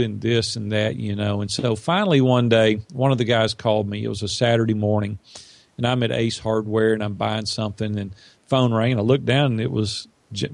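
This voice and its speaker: A man's voice: on the low side, gravelly, no room sound. A middle-aged man, a podcast guest, telling an earnest personal story and acting out what others said. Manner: earnest, animated storyteller who acts out quotes. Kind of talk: storytelling in an interview.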